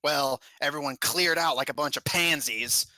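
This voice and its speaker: A man voicing a jumpy, gruff male goblin mine warden who talks in a folksy drawl. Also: a little high, moderate pace, sharp tone, no room sound.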